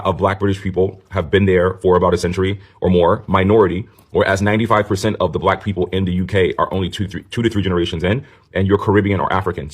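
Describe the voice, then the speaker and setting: A man's voice: low voice, husky. A man from the United States giving blunt, dismissive commentary. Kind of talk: commentary video.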